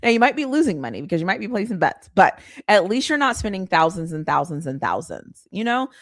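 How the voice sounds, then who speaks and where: A woman's voice: mid-range voice, big pitch swings, a little fast, no room sound, clean studio sound. A woman hosting a live stream, chatting casually and ranting with exasperation, laughing often. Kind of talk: casual live sports chat.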